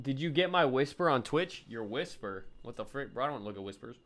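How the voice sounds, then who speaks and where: A young man streaming a horror game, chatting with viewers in slang and yelping and shouting at every scare. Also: mid-range voice, brisk, few pauses. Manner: excitable, yelps and shouts at scares. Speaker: gaming streamer. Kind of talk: live gameplay commentary to chat.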